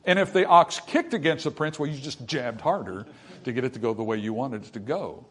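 A man's voice: medium pitch, a little fast, slightly rough. Male preacher, mid-range voice, sermon delivery with dramatic emphasis and country-style humor. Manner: preaching with swelling emphasis and folksy asides.

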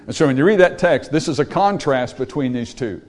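A man's voice: medium pitch, expressive, fairly quick, a little mellow. A man preaching a sermon from slides, emphatic, repeating words and putting questions to the congregation.

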